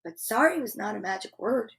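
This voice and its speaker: A woman reading a picture book aloud to children, expressive, with exclaimed asides. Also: on the high side, a little fast. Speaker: children's storyteller.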